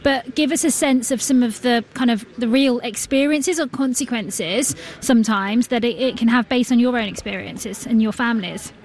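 A woman hosting a radio discussion, briskly inviting her guests to speak. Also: on the high side. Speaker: radio host.

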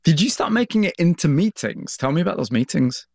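A male host leads an interview with curious, engaged questions. His voice sits slightly higher than average. The sound is close and dry, with no reverb. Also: big pitch swings, fairly quick, vocal fry, a little mellow, husky. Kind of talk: conversational interview.

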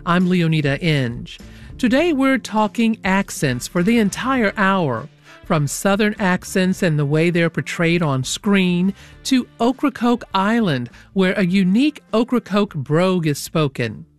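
A woman hosting a public radio talk show, reading a clear, scripted introduction. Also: fairly low pitch, expressive, a little slow, faint music behind. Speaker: radio host. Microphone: studio microphone.

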